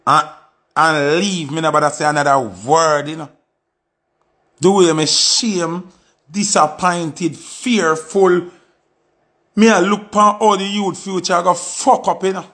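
A man's voice: fairly high pitch, fairly even intonation, slow, a bit bright. A man with a Jamaican accent delivering an impassioned, pleading monologue with lots of repetition. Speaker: artist giving commentary.

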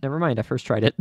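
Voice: medium pitch, darkish tone, breathy edge, no echo. Exasperated young gamer, dry sound. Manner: exasperated, dramatic, often laughing at own struggle. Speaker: gamer playing an obstacle course game. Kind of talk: casual let's play commentary.

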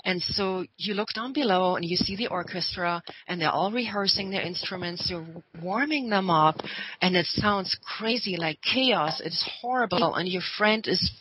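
A woman's voice: lowish voice, moderate pace, a bit bright, a little hiss or hum, rough recording. A woman who is a guest on a radio talk show, telling a personal story in an earnest, heartfelt way.

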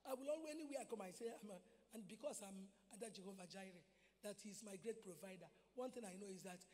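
A Nigerian woman giving an animated testimony sermon at a convention, telling her story and mixing in Igbo phrases. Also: mid-range voice, fast. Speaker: convention speaker. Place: large convention hall. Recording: reverberant convention hall.

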